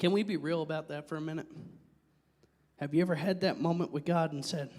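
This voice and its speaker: Animated high-voiced pastor preaching in church. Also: male voice, fairly quick, pauses often, in a large hall. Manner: animated, joking with the congregation, drops to a near whisper. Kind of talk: sermon.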